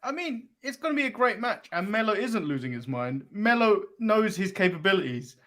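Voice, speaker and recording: A man with a fairly high voice joins a casual recap chat. He jokes around and laughs between his lines. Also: big pitch swings, normal speed, fairly bright tone. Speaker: podcast co-host.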